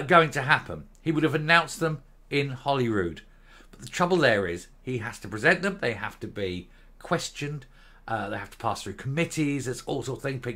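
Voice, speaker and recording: Sarcastic man ranting, bright and lively. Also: mid-range voice. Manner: sarcastic, mocking, scornful. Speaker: political commentary host. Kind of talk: ranting political commentary.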